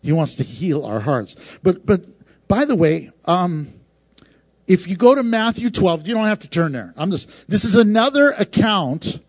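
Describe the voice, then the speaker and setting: Pastor guy, high voice, animated sermon, chuckles a lot, kinda muffled dry recording. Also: moderate pace, no echo. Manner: animated, conversational, laughs often, acts out voices.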